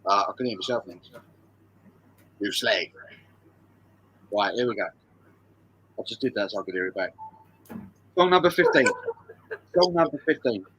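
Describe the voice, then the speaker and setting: A man's voice: mid-range voice, animated, moderate pace, pauses often, a bit bright, breathy edge, highs cut off. A man hosting a charity live stream quiz, reading out viewers' answers and bantering, with frequent swearing and laughter. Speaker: live stream host running a music quiz.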